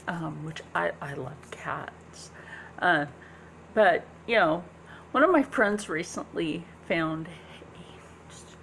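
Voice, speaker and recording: Slow, gravelly-voiced woman vlogger. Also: medium pitch, slight background noise, rough recording. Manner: soft-spoken, drifts into whispers, many ums. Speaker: beauty vlogger. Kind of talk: casual makeup tutorial chat. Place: indoors at home.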